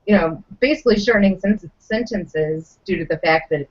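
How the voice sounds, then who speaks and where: A woman's voice: lowish voice, moderate pace. A woman co-hosting a casual podcast, throwing in sarcastic quips. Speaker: podcast co-host. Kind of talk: casual chat. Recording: dull lo-fi podcast audio.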